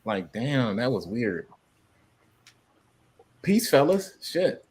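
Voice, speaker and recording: A man in a loose, profane chat, his pitch jumping around constantly. He talks at an ordinary middle pitch, bantering like a live-stream co-host. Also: very slow. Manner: animated, profane banter with frequent laughs. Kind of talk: casual chat.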